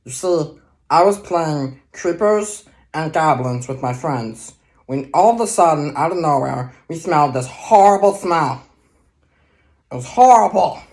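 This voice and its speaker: Someone playing a basement-dwelling gamer gives earnest, rambling testimony. The voice is gravelly and animated. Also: medium pitch, measured pace. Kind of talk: amateur comedy sketch acting.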